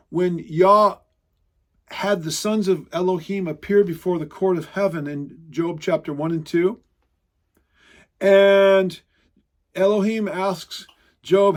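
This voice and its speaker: A man teaching a sermon in a conversational, emphatic way, slowing down for dramatic quotes. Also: sits high. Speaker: Bible teacher.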